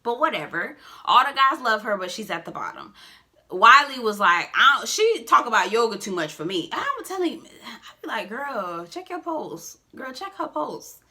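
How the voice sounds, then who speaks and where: A woman chats through a casual recap, sassy and expressive, with frequent asides. Her voice is very bright and sharp, and her pitch climbs and dips in a lively way. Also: a little fast. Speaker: reality show recap vlogger.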